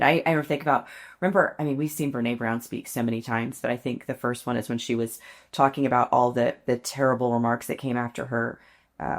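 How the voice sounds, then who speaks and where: A woman with a low-pitched voice chats casually on a podcast. She tells stories with frequent laughter and pokes fun at herself. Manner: chatty, laughs often, self-deprecating storytelling. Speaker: podcast co-host. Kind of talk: casual chat.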